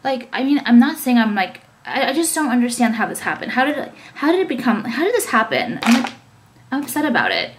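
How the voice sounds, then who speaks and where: A woman's voice: on the high side, big pitch swings, brisk, a little hiss or hum. A young woman talking casually to camera, ranting with many fillers and swearing. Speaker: vlogger and business owner.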